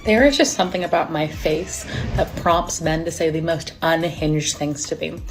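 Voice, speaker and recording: Woman, low-ish voice, wry deadpan dating anecdotes. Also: moderate pace, music in the background. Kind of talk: storytelling vlog.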